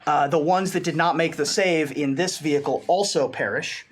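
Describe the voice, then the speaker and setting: A man running a tabletop role-playing game as dungeon master, talking in a relaxed, halting way with many fillers. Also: a little high, slight background noise.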